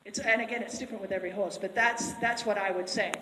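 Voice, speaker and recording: A woman's voice: medium pitch, steady tone, fast, pushed and bright. A woman horse trainer giving a live, chatty demonstration, talking to onlookers and to the horse in turn. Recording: echoey arena with long reverb, faint noise.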